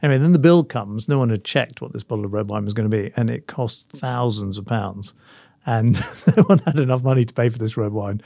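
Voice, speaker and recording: A man's voice: medium pitch, fairly quick, creaky, dark tone, no room sound. A middle-aged man with a mid-range voice co-hosts a talk podcast, turning over ideas in a wry, musing way. The recording is dry and close-miked. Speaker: podcast co-host. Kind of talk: casual chat.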